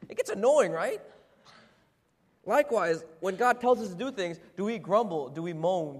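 High-voiced preacher in an echoey hall. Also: male voice, lively intonation, moderate pace. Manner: conversational, rhetorical questions, frequent "right?". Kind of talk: sermon. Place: church hall. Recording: echoey hall with long reverb.

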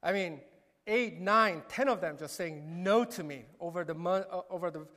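A man preaches a relaxed, self-deprecating sermon as pastor. His voice sits high for a man. It rings with the long reverb of a church sanctuary. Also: normal speed. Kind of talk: sermon with personal story. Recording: echoey hall reverb.

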